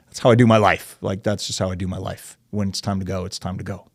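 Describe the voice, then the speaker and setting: Gravelly low-voiced man telling his story. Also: level tone, fast talker, few pauses, dry recording, studio quality. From United States. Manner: long-winded, acts out quoted dialogue, says dude and like. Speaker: podcast guest. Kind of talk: candid personal storytelling in an interview.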